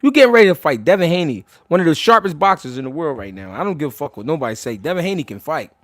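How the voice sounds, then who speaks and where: A man hosting a boxing talk livestream, brash and rapid-fire, full of slang and cursing. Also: on the high side, sing-song, no room sound. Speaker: boxing talk show host. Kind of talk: profane livestream commentary.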